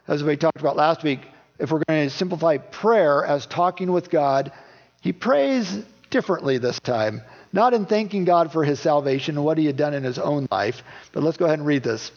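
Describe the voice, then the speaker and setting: A male pastor with a voice sitting a little high for a man, preaching in a relaxed, conversational way. He often turns to his listeners with questions. The recording sounds dull and lo-fi. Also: in a large hall. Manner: conversational, asks the congregation questions. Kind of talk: sermon.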